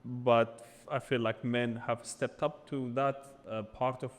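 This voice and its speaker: A man's voice: mid-range voice, flat delivery, slow, in a large hall. A man co-hosting a casual podcast, joking and then giving earnest opinions. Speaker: co-host.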